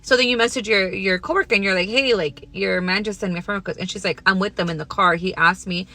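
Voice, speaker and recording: A woman's voice: medium pitch, fast talker, pushed and bright. A young woman telling a casual workplace storytime in a blunt, profane, second-person way.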